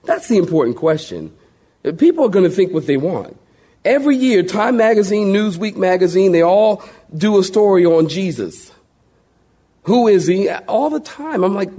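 A male pastor preaches a lively sermon in a high, husky voice that leaps up and down in pitch. He banters with the congregation, asks for amens, and sometimes sinks to a slow, quiet, solemn voice. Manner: animated preaching with a call-and-response to the congregation; folksy humor and sudden drops to a hushed, slow voice.

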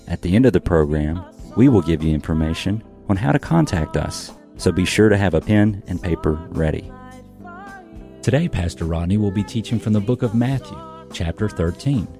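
A man reading a scripted introduction for a religious radio program in a smooth, steady announcer voice. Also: low voice. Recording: announcement over soft guitar music.

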